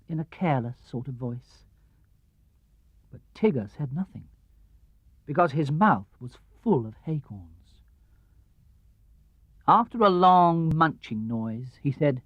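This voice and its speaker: A man reading a children's storybook aloud in an expressive, lively way, on an old studio record. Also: a little slow, pauses often, no room sound. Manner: lively, expressive, drops low and soft for narration tags. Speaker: audiobook reader. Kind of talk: storybook narration. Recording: dull, dry 1970s LP studio recording.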